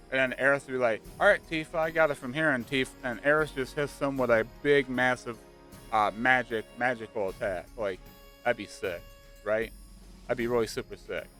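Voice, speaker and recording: A man chatting casually and excitedly about a video game, rambling with lots of fillers. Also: medium pitch. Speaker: gaming channel host. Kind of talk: casual speculative chat. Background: faint background music.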